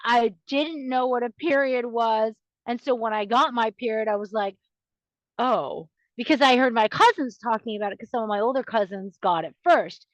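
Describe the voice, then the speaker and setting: A woman in her thirties talks through her podcast in a chatty, confiding monologue, with light laughs between sentences. Her voice sits a little high, and the sound is dry and dull, with a sniffly runny nose. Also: normal speed, no echo. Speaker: podcast host. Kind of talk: casual monologue.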